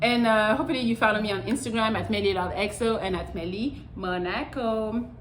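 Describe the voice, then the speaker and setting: A woman's voice: medium pitch, brisk, slight background noise. A young woman hosting her own vlog, giving casual how-to advice in a blunt, profane way and often saying "I'm telling you". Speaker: channel host. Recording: roomy echo.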